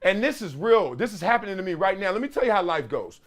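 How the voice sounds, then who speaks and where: A man in his forties hosting a solo sports talk show, telling stories in slangy, animated talk and acting out little voices with laughs. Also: high voice, quick pace. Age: 40s. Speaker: show host.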